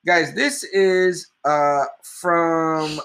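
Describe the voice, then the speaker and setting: Bright-voiced man, rambling tipsy chat. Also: fairly high pitch, steady tone, drawn-out words. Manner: rambling, swears a lot, tipsy. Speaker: podcast co-host. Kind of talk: casual chat about movies.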